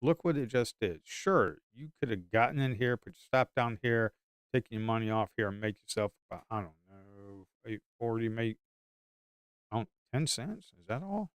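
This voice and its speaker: A man's voice: fairly low pitch, normal speed, smooth, no room sound, clean studio sound. A man giving live stock trading commentary in an emphatic, repetitive way.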